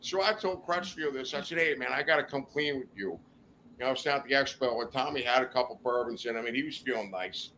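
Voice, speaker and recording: A man's voice: medium pitch, quick pace, bright, forceful tone, a little hiss or hum. A man, a podcast guest, telling a wild story in a rowdy, profane, laughing way. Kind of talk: casual storytelling. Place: studio.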